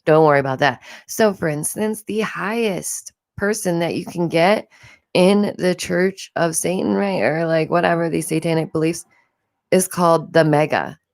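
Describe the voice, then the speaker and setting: A woman chatting on a livestream from home, her voice sitting a little low. She rambles from point to point and laughs often. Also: fairly even intonation, unhurried, vocal fry, no room sound, studio quality. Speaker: livestream host. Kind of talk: casual livestream commentary.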